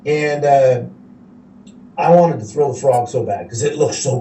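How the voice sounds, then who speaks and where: A man from Canada, a guest telling fishing stories in a casual, animated way and laughing as he goes. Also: medium pitch, moderate pace. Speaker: guest angler. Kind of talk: casual storytelling. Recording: echoey room, voice from a distance, faint hiss.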